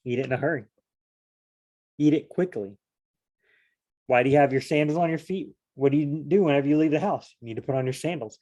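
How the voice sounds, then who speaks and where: His voice sits a little high with a darkish tone as he studies the Bible on his own. The host keeps it informal, thinking out loud and dropping into quick voices to act out scenes from the text.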